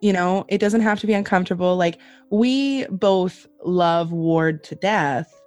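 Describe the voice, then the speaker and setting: A woman's voice: fairly low pitch, measured pace, darkish tone, dry recording, faint music behind. A woman hosting a podcast in casual chat, chatty and swearing freely while laughing at herself. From Canada. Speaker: podcast host.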